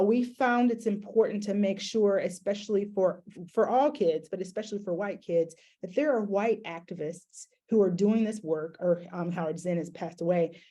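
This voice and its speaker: A woman's voice: medium pitch, mellow. A middle-aged woman educator giving a conversational talk to an audience, with frequent fillers and restarts. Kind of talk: conference talk presentation.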